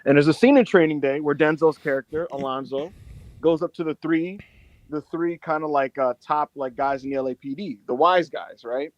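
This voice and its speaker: A man hosting a casual podcast chat, telling animated stories and acting out the quotes. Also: on the high side, normal speed, no room sound, muffled recording. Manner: animated storyteller, acts out quotes. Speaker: podcast host.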